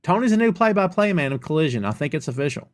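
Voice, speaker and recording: A middle-aged man hosting a podcast, reading out viewer questions and answering them with playful sarcasm in a relaxed live chat. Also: fairly high pitch, fast talker. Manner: reads viewer comments aloud and reacts with playful sarcasm. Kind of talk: casual live-stream chat.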